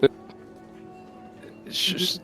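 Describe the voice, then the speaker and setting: A man's voice: very slow, fairly bright tone, soft background music. A man voicing a nervous, awkward character who stammers and trips over his words. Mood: flustered.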